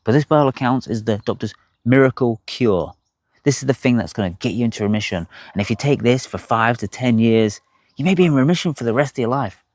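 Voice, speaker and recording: A man's voice: medium pitch, animated, brisk, a little mellow, dry recording, studio quality. A young man, bluntly telling his own health story to camera, swearing freely. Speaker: health vlogger.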